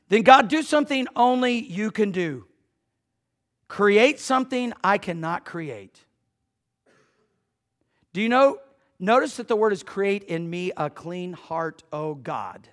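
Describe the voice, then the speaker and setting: A male pastor preaching a conversational sermon who banters with his congregation and swings between loud emphasis and hushed passages. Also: high-pitched, animated, slow pace, long pauses.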